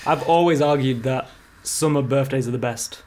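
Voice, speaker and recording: Young male co-host, mumbly, relaxed, mid-pitched. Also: moderate pace, a little hiss or hum. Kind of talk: casual chat.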